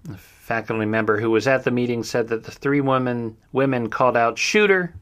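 A man's voice: mid-range voice, level tone, a little fast, fairly bright tone. A middle-aged man hosting a true crime recap, speaking somberly and steadily with fillers and personal asides. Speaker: podcast host.

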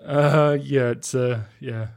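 A man's voice: mid-range voice, fairly even intonation, slow, gravelly, a little mellow. A man co-hosting a podcast, chatting loosely about movies and shows, rambling and laughing easily. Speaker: podcast co-host. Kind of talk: casual chat about movies.

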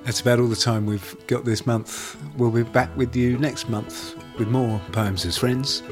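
A man's voice: mid-range voice, steady tone, unhurried, soft background music. Male podcast co-host, friendly and encouraging, casual. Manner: friendly, encouraging, tentative questions.

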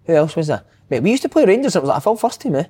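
Fast-talking Scottish man telling stories. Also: a little high, slightly rough. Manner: animated storytelling, laughs often. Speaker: former footballer. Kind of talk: casual chat.

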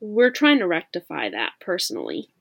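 A woman's voice: on the low side, wildly swooping pitch, moderate pace, creaky, a bit bright. A woman in her twenties co-hosting a podcast, chatting playfully and casually with plenty of fillers. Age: 20s. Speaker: podcast co-host. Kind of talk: casual chat.

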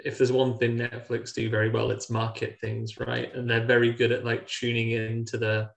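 A man's voice: mid-range voice, monotone, normal speed, creaky, reverberant. A man co-hosting a casual podcast chat, wry and joking. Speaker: podcast co-host.

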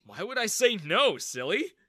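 A kind young woman in an animated story answers gently, her voice lifted high and lively, as a male narrator plays her. Her tone is bright and warm, with a light teasing lilt. The recording is dry and close. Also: a little slow, slightly rough, no echo, full character voice. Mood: affectionate.

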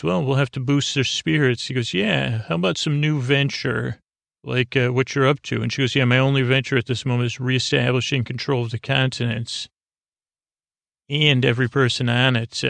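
A man's voice: medium pitch, gravelly, no echo. A man hosting a podcast, recapping an episode in a rambling, hesitant way with lots of fillers and restarts, retelling dialogue offhandedly. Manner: paraphrases dialogue in a flat offhand way. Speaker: podcast host.

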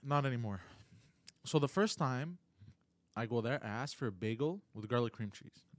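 A man's voice: medium pitch, animated, moderate pace, no echo. A man on a casual podcast, telling a story at length and peppering it with "you know" and "bro". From Montreal area.

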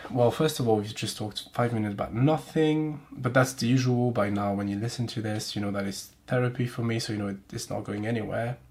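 A man with a French accent, a French speaker hosting a podcast in casual chat. He rambles, swears freely and mocks himself, and he sounds nasal from pollen right now. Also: on the low side. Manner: profane, rambling, self-mocking. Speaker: podcast host. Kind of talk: casual chat and reading aloud.

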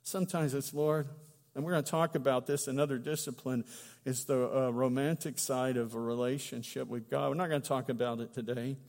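A middle-aged man preaching a sermon as pastor, conversational and humorous, swelling into loud emphatic bursts. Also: medium pitch, steady tone, fairly quick, in a large hall. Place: church sanctuary.

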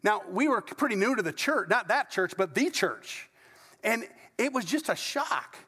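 A man's voice: high-pitched, very animated, moderate pace, bright, forceful tone, breathy edge. A middle-aged male pastor preaching a sermon to his congregation in conversational storytelling style, with asides. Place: church sanctuary before a congregation. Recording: long reverb of a large church hall.

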